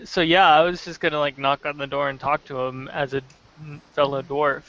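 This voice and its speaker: A man's voice: fairly high pitch, little pitch movement, a little fast, gravelly, fairly bright tone. Giggly man at a tabletop game. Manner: giggly, laughs between his lines. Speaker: player. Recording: dull lo-fi sound.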